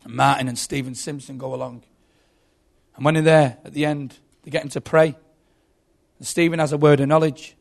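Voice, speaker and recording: Preacher guy, gravelly, fairly high voice, animated storytelling. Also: normal speed. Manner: animated storytelling, dramatic buildups. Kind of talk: sermon.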